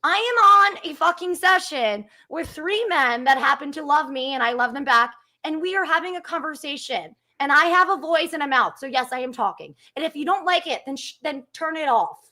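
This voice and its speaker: A woman's voice: high voice, expressive, fairly quick, hardly any pauses, pushed and bright. Fired-up woman in her thirties ranting. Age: 30s. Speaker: guest. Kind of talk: heated live-stream chat.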